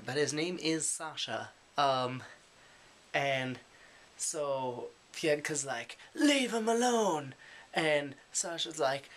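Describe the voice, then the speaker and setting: Bright-voiced rambling guy vlogging. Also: medium pitch. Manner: rambling, chatty, many fillers and trailing asides; self-deprecating and talkative. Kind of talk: casual daily vlog.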